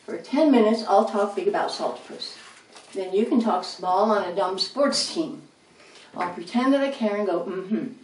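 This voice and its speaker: A woman's voice: medium pitch, moderate pace, darkish tone, lightly acted. A woman voicing a blunt, literal-minded young female chipmunk who speaks matter-of-factly, in a roomy, distant recording. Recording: roomy, distant, faint noise.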